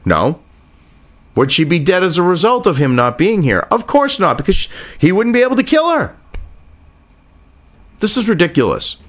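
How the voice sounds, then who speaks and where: A male vlogger delivers indignant, sarcastic commentary peppered with profanity. His voice sits a little high. His pitch swings widely as he argues. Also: big pitch swings, normal speed, pauses often, a bit bright. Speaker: political commentator. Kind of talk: ranting commentary.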